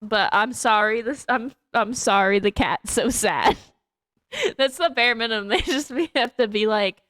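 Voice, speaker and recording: A woman's voice: on the high side, measured pace, a bit bright, no echo, studio quality. A woman livestreamer chatting casually to her viewers in a rambling, self-mocking way, laughing often between remarks. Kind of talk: casual stream chat.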